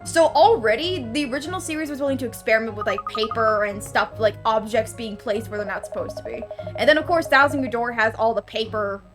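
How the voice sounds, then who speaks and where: A woman's voice: on the high side, a little fast, few pauses. A woman streamer talking casually and with strong opinions while she plays, full of "like" fillers. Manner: chatty and opinionated, many "like" fillers. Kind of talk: casual game stream commentary. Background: game music.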